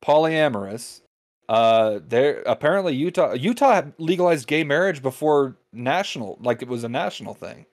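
A man's voice: mid-range voice, lively intonation, normal speed, a little mellow, no room sound. A man hosting a podcast, joking and bantering playfully. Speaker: podcast host. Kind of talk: casual chat.

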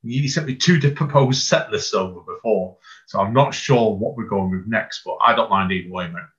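Low-voiced host on a dull, distant line. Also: male voice, moderate pace, a bit bright. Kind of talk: casual chat.

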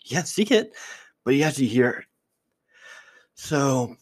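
A man's voice: medium pitch, animated, a little slow, long pauses, a little mellow, dry recording. A man hosting an unscripted solo podcast, musing aloud in a reflective, rambling way and getting choked up, his voice trembling. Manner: reflective, rambling with restarts and repeated words. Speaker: podcast host.

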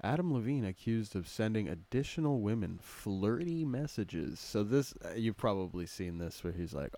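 A man's voice: lowish voice, animated, normal speed, few pauses, dark tone. A man hosting a solo comedy podcast, rambling crudely and joking, muttering to himself as he reads headlines. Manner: crude, joking, mumbles to himself while browsing. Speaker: podcast host.

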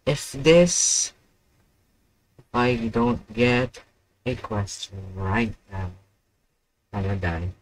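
A man's voice: medium pitch, expressive, extremely slow, long pauses, low-quality recording. A young man hosting a live stream alone, rambling and mocking himself while he waits for viewers. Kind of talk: casual solo live stream chat.

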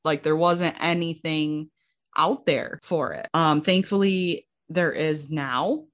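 Speaking slowly in a low voice, this young woman in her twenties shares her personal story as a guest. She's lively about it, voicing other people's lines and filling her speech with "like."

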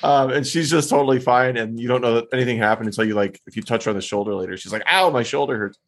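A man co-hosting a local podcast, chatting casually and telling animated stories, voicing his dogs in high squeaky tones. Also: rapid-fire. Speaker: podcast co-host. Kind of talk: casual chat.

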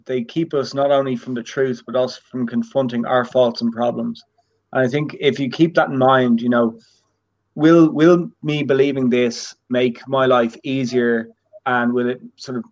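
An Irish man talks on a podcast in a dry manner, stumbling through restarts. His voice is mid-pitched, and the recording sounds dull and lo-fi. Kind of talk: casual podcast discussion.

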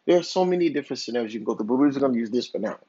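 This podcast host races along in a warm, animated mid-range voice with a breathy edge, rambling casually through a long hypothetical story packed with fillers and restarts. The recording sounds dull and lo-fi.

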